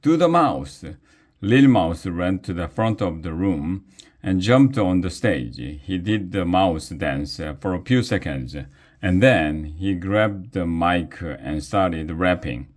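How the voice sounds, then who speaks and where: A man's voice: deep voice, slow pace. A man reading a children's story aloud in a playful way, giving each character a voice. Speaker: reader of a children's book.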